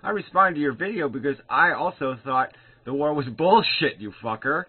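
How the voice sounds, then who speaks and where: A man's voice: a little high, lively intonation, moderate pace, slightly rough. A man recording an angry, profane, sarcastic response video, picking apart another man's claims. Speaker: video commentator. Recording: tinny phone-like sound.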